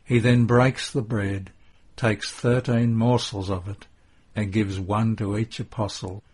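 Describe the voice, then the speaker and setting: A male narrator reads a devotional text in a measured, hushed way. His voice is low and a little husky, and he takes his time over each phrase. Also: steady tone.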